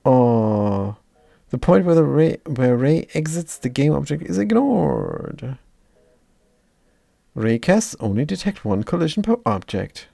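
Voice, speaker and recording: A man streaming live and thinking aloud as he codes, mumbling and trailing off mid-thought. His delivery is very slow and unhurried, with a gravelly, fry-laden voice. The sound is close and dry. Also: medium pitch, sing-song, dark tone, no echo. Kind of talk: live coding commentary.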